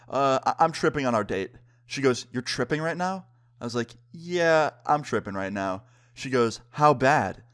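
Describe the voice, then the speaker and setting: A man's voice: mid-range voice, clean tone. A young man casually telling a personal story, acting out the lines of the people in it. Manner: laid-back, acts out quotes of friends.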